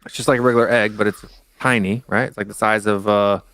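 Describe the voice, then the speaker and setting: A man's voice: lowish voice, fairly even intonation, fast, fairly bright tone, no room sound. A man hosting a casual call-in chat, talking in a loose, offhand way.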